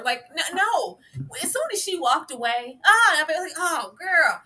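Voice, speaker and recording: High, bright-voiced woman co-host. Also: measured pace. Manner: lively and emphatic, playfully scolding the characters. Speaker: TV review show co-host. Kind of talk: casual TV recap chat.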